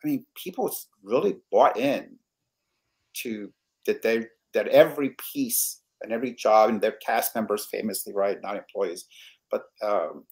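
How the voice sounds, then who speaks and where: A man's voice: fairly low pitch, normal speed, vocal fry. A man hosting an interview show, sharing his own experience with enthusiasm and tagging his points with "right?". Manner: enthusiastic, frequent "right?" tags. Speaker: host. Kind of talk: conversational interview.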